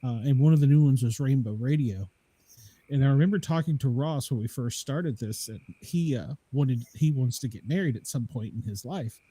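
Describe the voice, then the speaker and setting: A man's voice: medium pitch, moderate pace, warm tone, slightly rough, no room sound. A man with a Southern US accent, hosting a podcast interview with joking enthusiasm. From Southern United States. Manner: jokey, enthusiastic. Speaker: podcast host. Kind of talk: casual interview chat.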